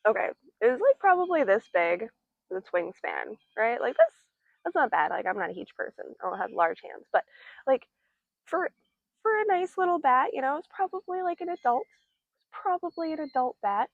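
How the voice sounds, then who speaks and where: A woman's voice: sits high, sing-song, moderate pace, gravelly, no echo, lo-fi sound. A young woman giving a casual tarot reading, chatty and playful, with many fillers and giggles. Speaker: tarot reader.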